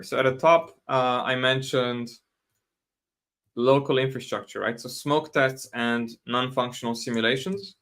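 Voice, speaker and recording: A man's voice: medium pitch, pushed and bright. Casual man explaining with many restarts. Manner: casual, self-correcting, laughs often, answers chat questions. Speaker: host. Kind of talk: live stream talk on software testing.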